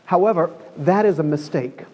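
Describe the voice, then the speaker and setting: A man's voice: fairly high pitch, normal speed, darkish tone, a little hiss or hum. A man preaching a conversational sermon in a church, telling the story in a chatty way and acting out the quoted lines.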